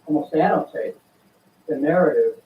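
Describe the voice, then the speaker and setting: An older man, a former congressman, speaking as a guest in a political interview, deliberate and earnest with many pauses. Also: on the high side, lively intonation, a little hiss or hum. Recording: tinny phone-like line, echoey room, from far off.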